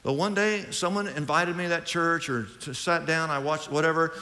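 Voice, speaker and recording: A male pastor preaching a sermon, lively and conversational, acting out both sides of imagined conversations. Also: fairly high pitch, normal speed, big-room sound.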